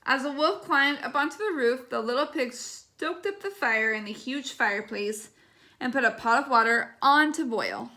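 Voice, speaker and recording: A woman reading a bedtime story aloud, gentle and expressive. Her voice sits high and sounds bright and clear. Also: normal speed.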